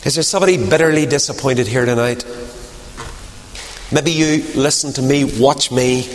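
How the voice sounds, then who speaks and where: A man preaching a sermon, swinging from loud emphasis to hushed whispers. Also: medium pitch, normal speed, slight background noise.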